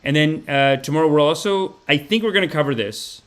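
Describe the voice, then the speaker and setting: This live podcast host has a fairly high, brisk voice. He rambles through casual livestream talk with plenty of cursing, tangents, and animated energy.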